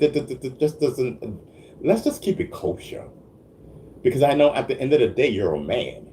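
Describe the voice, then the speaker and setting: There's slight background noise behind this man's medium-pitched, darkish voice. Hosting a casual stream, he responds to chat with stammering restarts and frequent laughs, and he keeps asking viewers "you know what I mean."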